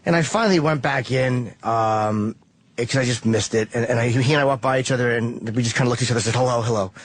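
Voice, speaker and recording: A man's voice: medium pitch, fast talker. A man telling profane stories in casual chat, speaking with admiration. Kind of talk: casual storytelling.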